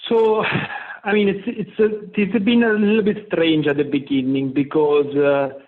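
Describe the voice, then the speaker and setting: A man with an Italian accent, a company head being interviewed, talking in a halting way with frequent pauses. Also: fairly high pitch, little pitch movement. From Italy. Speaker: company CEO guest. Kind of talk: remote interview. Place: home office in Milan. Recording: tinny phone-like line.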